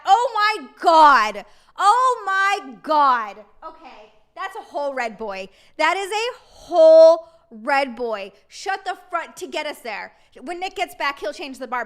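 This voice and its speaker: A woman live streamer chatting casually with her viewers, excitable and giggly, and thanking them by name. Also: sits high, a little fast, few pauses.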